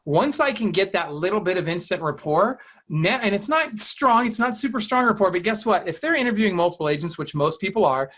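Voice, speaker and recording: A man's voice: sits high, animated, a little fast, fairly bright tone. A man coaching real estate agents in an interview, talking emphatically and acting out client dialogue.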